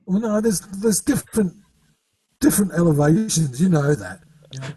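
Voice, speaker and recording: A man telling stories in casual chat as a guest musician, halting and rambling with frequent laughs, heard over a video call. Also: sits high, expressive, warm tone, husky, no room sound, recorded from a distance, poor audio.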